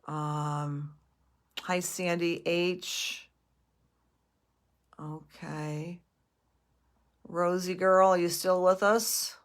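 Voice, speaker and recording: A middle-aged woman doing a live psychic reading, gentle and affectionate, pausing and restarting often. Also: lowish voice, steady tone. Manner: gentle and affectionate, calling viewers sweetie and honey; halting with many restarts and fillers. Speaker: astrologer and psychic medium.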